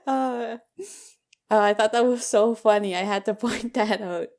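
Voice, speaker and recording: A woman's voice: mid-range voice, steady tone, unhurried, a little mellow. Giggly woman chatting about anime. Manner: giggly, laughs often. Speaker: podcast co-host. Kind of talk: casual chat.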